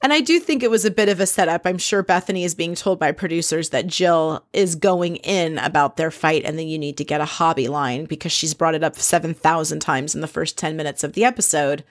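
A woman's voice: low-pitched, a little fast, few pauses, dry recording, clean studio sound. A woman casually recapping a reality show episode, chatty and opinionated, sometimes acting out what the cast said. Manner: chatty, opinionated, acts out quoted lines.

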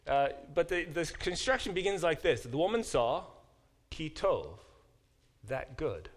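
A professor with a slightly high voice that swings widely in pitch teaches a Bible class, unhurried. He reads verses aloud and explains each, his lecture full of fillers and restarted sentences.

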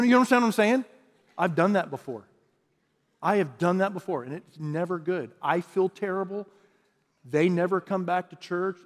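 A male pastor preaching a sermon in a conversational style that builds into emphatic, repeated phrases. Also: a little high. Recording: long reverb from a large hall.

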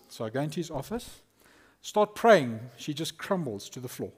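A man preaching a lively, conversational sermon as a pastor, acting out quotes. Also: fairly high pitch, quick pace, husky.

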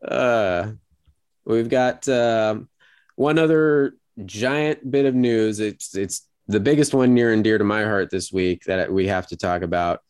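A man hosting a casual podcast chat, animated and putting on mocking voices when he retells quotes. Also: on the low side, measured pace, clear, resonant tone, no echo, clean studio sound. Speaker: podcast host.

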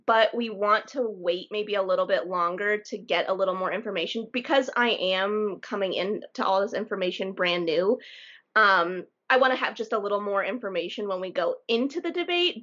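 A woman's voice: medium pitch, a bit bright. A young woman co-hosting a podcast, chatting casually and laughing as she tells stories. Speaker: podcast co-host. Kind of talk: casual chat. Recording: dull lo-fi podcast mic.

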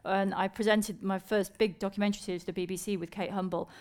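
A woman's voice: mid-range voice, steady tone, quick pace, a little mellow. A woman scientist co-hosting a podcast, thinking aloud in long, reasoned runs of talk. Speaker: co-host, scientist. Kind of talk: casual podcast chat.

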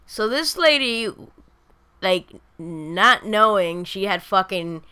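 A woman's voice: medium pitch, animated, slow, sharp tone, smooth. A woman in a casual podcast chat, blunt and sarcastic, swearing freely as she reacts to a story. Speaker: podcast co-host.

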